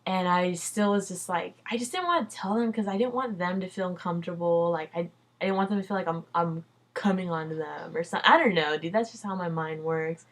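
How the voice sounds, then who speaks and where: In a casual vlog, a young woman shares a personal story, rambling loosely with lots of "like" and "dude" and no qualms about swearing. She talks fairly quickly in a voice on the low side.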